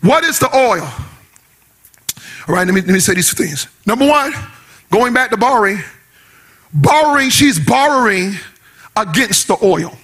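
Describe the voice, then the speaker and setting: A pastor preaching a sermon in a rising sing-song cadence, shouting at the peaks and talking in casual vernacular. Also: male voice, high voice, animated, unhurried, pauses often. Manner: uses casual vernacular speech.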